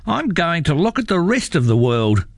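A man's voice: very animated, normal speed, no room sound, clean studio sound. A man reading a storybook aloud, voicing a whiny young male troll. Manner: whining, high and sulky.

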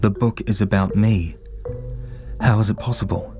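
A man's voice: fairly low pitch, fairly even intonation, normal speed, loud music behind the voice, natural voice. A man voicing a frightened, skeptical male writer in a storybook reading, protesting defensively. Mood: panicked.

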